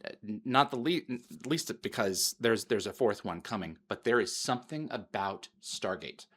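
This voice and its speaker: A middle-aged man hosting an interview, talking earnestly and haltingly with many restarts. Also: fairly low pitch, animated, fairly bright tone. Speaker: host. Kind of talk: interview talk.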